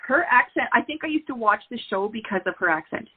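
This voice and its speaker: A woman's voice: fairly high pitch, lively intonation, fast talker, slightly rough. A woman hosting an interview, agreeable and encouraging toward her guest. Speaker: host. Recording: tinny phone-like line.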